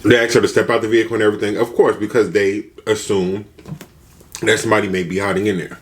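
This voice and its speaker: A man's voice: fairly low pitch, fast talker, slight background noise. A man retelling a story casually for a food vlog, acting out the people he quotes. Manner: animated, acts out quotes with shifting voices. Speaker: mukbang vlogger.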